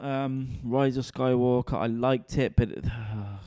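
A man's voice: mid-range voice, animated, moderate pace, gravelly, few pauses, warm tone, no room sound, studio quality. A man, a comedian and podcast host, rambling in a casual, sweary, self-mocking solo rant.

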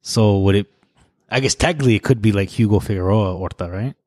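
A man co-hosting a podcast in casual chat, playful and quick to laugh, reacting with animation. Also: on the low side, darkish tone, no room sound. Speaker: podcast co-host.

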